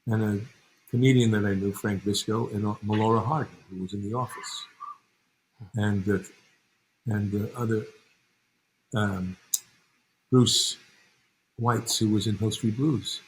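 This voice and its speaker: A man's voice: lowish voice, steady tone, unhurried, pauses often, a little hiss or hum, low-quality recording. Older man spinning rambling anecdotes. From New York. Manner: rambling anecdotes, acts out other people. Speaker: guest, actor and director. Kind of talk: relaxed interview storytelling.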